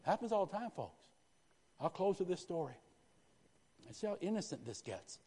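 A man's voice: sits high, normal speed, husky. Preaching man in a reverberant church hall. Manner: lively preaching with call-and-response asides. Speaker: pastor. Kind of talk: sermon. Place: church sanctuary.

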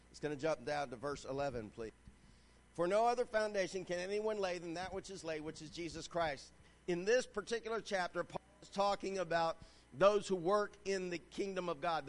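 A man preaching a sermon, reading scripture and calling out to the congregation with rising fervor. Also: high voice. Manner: reads scripture aloud, asks the crowd "Amen?". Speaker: pastor.

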